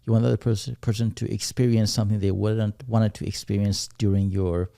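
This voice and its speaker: A man co-hosting a podcast, talking things over in a reflective, unhurried way. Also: lowish voice, little pitch movement, vocal fry, mellow, no echo, clean studio sound. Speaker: podcast co-host. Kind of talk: casual chat.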